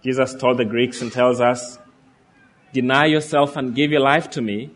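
A man's voice: mid-range voice, little pitch movement, normal speed. A man preaching a sermon, reading scripture aloud and earnestly asking his listeners questions.

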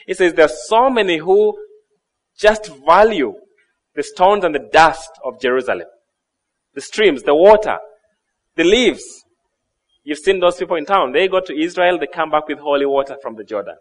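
A man preaching a sermon, reading scripture aloud and explaining it in an expressive way. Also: a little high, moderate pace.

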